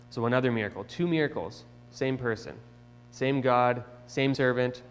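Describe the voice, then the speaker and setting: Young male teacher, casual Bible storytelling for kids, mid pitch, echoey church. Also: a little slow, slight background noise. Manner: chatty, animated retelling, with restarts. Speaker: children's lesson teacher. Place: church sanctuary.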